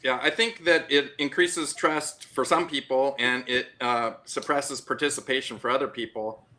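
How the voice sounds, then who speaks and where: A man guest on an online panel with an extremely bright, forceful voice. He thinks aloud in a relaxed way as he answers, speaking at a middle pitch. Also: normal speed. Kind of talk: casual political discussion.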